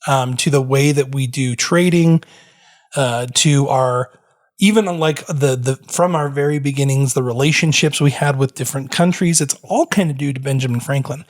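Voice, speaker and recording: A man's voice: mid-range voice, moderate pace. A man hosting a casual history podcast, explaining at length with frequent fillers and restarts. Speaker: podcast host.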